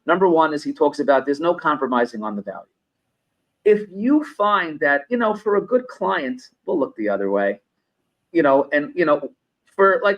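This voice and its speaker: Middle-aged male consultant from New York, fairly high voice, conversational podcast guest who teaches through anecdotes. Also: sing-song, moderate pace, rough recording. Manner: explains through personal anecdotes, repeats phrases for emphasis.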